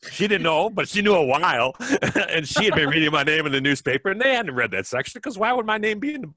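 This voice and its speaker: A man's voice: fairly high pitch, sing-song, fast, bright, forceful tone, no echo. A middle-aged man from Wisconsin, a podcast guest telling stories in a rambling, casual way with many fillers and restarts. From Wisconsin, USA. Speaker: podcast guest, bike fitter. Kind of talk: casual storytelling.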